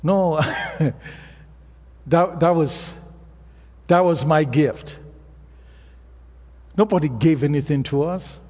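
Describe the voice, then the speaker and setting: A man's voice: on the high side, takes it slowly, pauses often, a little mellow, breathy edge. A man with an African accent, a pastor preaching a sermon and telling stories in a plain, earnest way. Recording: long reverb of a hall.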